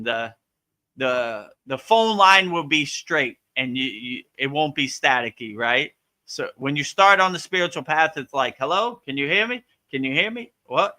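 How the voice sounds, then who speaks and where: A man with a strikingly bright, forceful voice and a fairly high pitch leads a live-stream Q&A as a spiritual teacher. He talks casually and with animation, checking in with "you know?" and "right?" and acting out little voices to make his point. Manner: acts out voices playfully.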